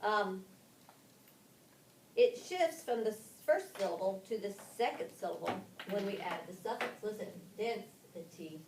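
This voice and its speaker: A woman leading a phonics workshop for teachers, spelling letters out slowly with frequent ums and restarts. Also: mid-range voice, sing-song, darkish tone. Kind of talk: classroom-style instruction to fellow teachers. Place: classroom. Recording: roomy, distant and noisy classroom recording.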